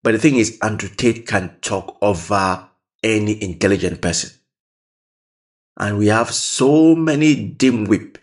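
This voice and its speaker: A man with a fairly low voice reacts casually to a clip, speaking in a plain conversational way. He often repeats a phrase to drive his point home. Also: unhurried. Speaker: reaction video host. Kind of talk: casual commentary over a clip.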